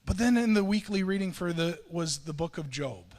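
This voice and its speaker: A middle-aged man pastor telling a self-mocking story in a sermon, animated and quoting himself and others. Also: high voice, normal speed. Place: church sanctuary. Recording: long reverb of a church hall.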